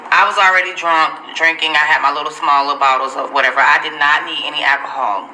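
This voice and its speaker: Woman vlogger, slangy story, very bright edgy voice, lowish pitch, profane, animated. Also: a little fast, slight background noise, poor audio. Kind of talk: casual storytelling to camera.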